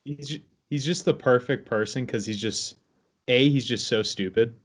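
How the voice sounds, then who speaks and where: A man's voice: medium pitch, normal speed. A man co-hosting a casual sports podcast, laid-back and opinionated, rambling through his points. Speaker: podcast co-host. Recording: dull lo-fi sound.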